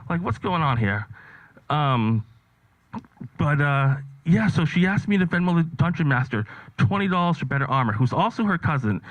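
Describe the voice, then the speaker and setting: A man's voice: medium pitch, no echo, dull audio. A man performing a stand-up set, telling stories in a rambling, offhand way with lots of fillers. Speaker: stand-up comedian.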